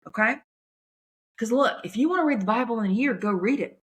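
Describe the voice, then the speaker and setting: A woman comedian, talking in a chatty, folksy, animated way on her podcast. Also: fairly high pitch, fairly quick. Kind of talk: casual chat.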